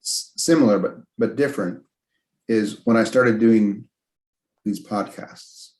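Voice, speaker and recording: Low-voiced man musing reflectively. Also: unhurried, a little mellow. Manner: reflective, hesitant, many fillers. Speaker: podcast host. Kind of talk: casual chat.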